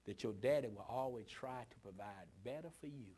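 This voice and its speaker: A man playing a father who talks firmly but gently to his young son. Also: medium pitch, brisk, slightly rough, lightly acted. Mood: tender. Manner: firm then gentle, fatherly.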